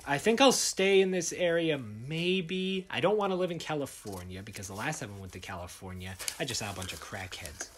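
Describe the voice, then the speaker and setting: A young man hosting a podcast, telling jokey, animated stories in casual chat. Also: mid-range voice, a little fast, few pauses, slight background noise. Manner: animated, joking storyteller. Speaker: podcast host.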